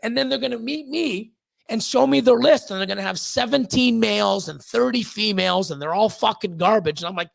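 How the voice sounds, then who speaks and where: A man with an extremely high, lively voice and vocal fry speaks fairly quickly, recorded without echo. As a snake breeder guesting on a podcast, he delivers a candid, profane rant and repeats words as he gets worked up.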